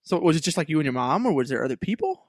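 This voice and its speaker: A man's voice: on the high side, very animated, very fast, no room sound. A man co-hosting a podcast who chats casually and asks curious questions, with many fillers. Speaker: podcast co-host. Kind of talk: casual chat.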